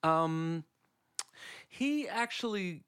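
Goofy podcast co-host with lively pitch. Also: male voice, drawn-out words, clear, resonant tone, no echo, clean studio sound. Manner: joking, goofy non sequiturs. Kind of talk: casual chat.

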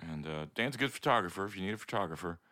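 A man's voice: deep voice, animated, racing, pushed and bright, no room sound, studio quality. A man co-hosting a podcast in casual chat, laid-back and teasing. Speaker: podcast co-host, musician.

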